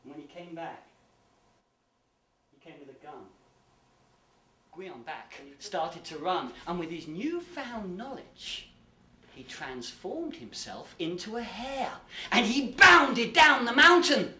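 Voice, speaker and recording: A man telling folk tales live, with a slow, deliberate pace and a lively, swooping delivery. His voice is distant and roomy, with faint ambience behind. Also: high voice, slight background noise. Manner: dramatic, animated, with sudden loud bursts and hushed drops. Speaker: professional storyteller. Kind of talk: live storytelling performance. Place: live stage venue. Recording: echoey live venue, distant mic.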